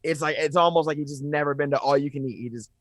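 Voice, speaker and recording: A man chatting as a podcast guest, excitable, jumping between loud outbursts and mumbled asides. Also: fairly high pitch, rapid-fire, no room sound, clean studio sound. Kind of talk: casual chat.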